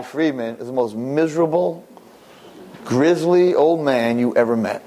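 A man telling a story aloud in an animated, conversational way, with casual restarts. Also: medium pitch, measured pace. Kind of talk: oral storytelling.

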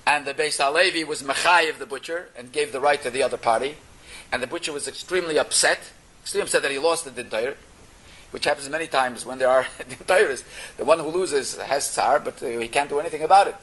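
A man telling a Torah story in an animated way, mixing Yiddish and Hebrew terms into his English. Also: medium pitch, fast talker, husky, low-quality recording.

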